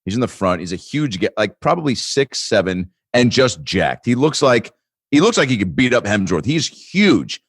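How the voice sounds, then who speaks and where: A man's voice: lowish voice, sing-song, moderate pace, dry recording, clean studio sound. A man on a comedy podcast telling a long rambling story with lots of fillers and restarts, often breaking into laughter. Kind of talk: casual chat, storytelling.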